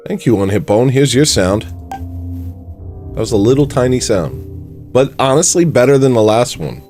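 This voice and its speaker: A man hosting a comedy livestream, rambling and self-mocking as he swings between mock panic and low mumbles. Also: animated, a little slow, darkish tone, faint music behind. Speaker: livestream host. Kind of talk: casual comedic livestream chat.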